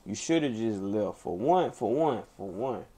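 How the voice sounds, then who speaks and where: A man's voice: lowish voice, expressive, unhurried, dark tone, breathy edge. A man streaming live, giving blunt, emphatic commentary on a feud, repeating his points and swearing freely.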